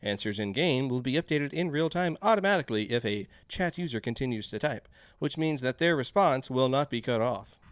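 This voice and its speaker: A man's voice: mid-range voice, expressive, brisk, hardly any pauses. A man streams a game live, talking casually with his chat and reading each prompt aloud as he goes. His voice sits in the middle of the range and sounds close and dry, with no room echo around it. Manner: chatty, reads game text aloud, jokes with chat. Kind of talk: casual game commentary and reading on-screen text.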